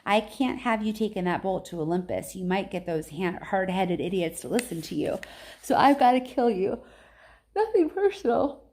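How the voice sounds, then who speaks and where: A woman's voice: medium pitch, lively intonation, normal speed, darkish tone, close to an everyday voice. A woman reading aloud, voicing a swaggering male war god who mocks and taunts a kid. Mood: taunting. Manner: sneering, taunting.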